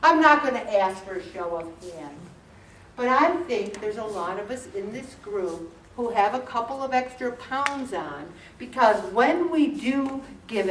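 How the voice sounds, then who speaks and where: A woman in her sixties from the United States, giving an animated personal talk to a church support group with self-deprecating humor. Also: on the high side, a little hiss or hum. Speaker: speaker at a faith-based support group. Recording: echoey room from far off.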